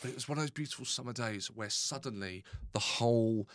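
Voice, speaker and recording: A man, a comedian, chatting casually and telling animated stories on a podcast. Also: mid-range voice, a little fast. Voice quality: speaks quietly unless projecting. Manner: animated storyteller, bursts into loud shouted impressions. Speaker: comedian guest. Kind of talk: casual chat, storytelling.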